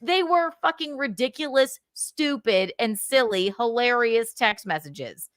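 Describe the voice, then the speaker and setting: A woman hosting a livestream, ranting heatedly about a man and swearing, with sudden loud outbursts and lots of repetition. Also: fairly high pitch, lively intonation, measured pace, no room sound. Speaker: livestream host. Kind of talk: angry gossip rant on a livestream.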